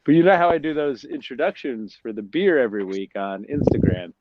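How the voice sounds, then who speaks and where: A man, a brewery owner guesting on a podcast, chatting in a lively way, swearing freely and restarting his sentences. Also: mid-range voice, fairly quick, no echo, muffled recording. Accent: New Jersey. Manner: animated, swears freely, jumps between restarts. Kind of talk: casual chat.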